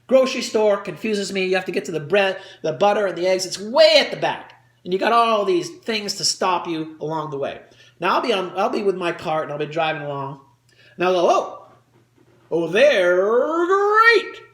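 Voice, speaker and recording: A man working through a stand-up comedy routine in front of an audience, his pitch swinging widely as he jumps into quick character voices. His delivery is crude and animated. The room around him rings with an echo.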